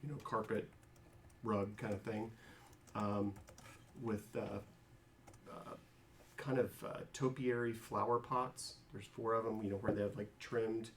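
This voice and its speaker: A man's voice: fairly low pitch, fairly even intonation, measured pace, long pauses, a little hiss or hum. Man rambling as game master. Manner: rambling descriptions with many fillers. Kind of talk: narrating a tabletop game.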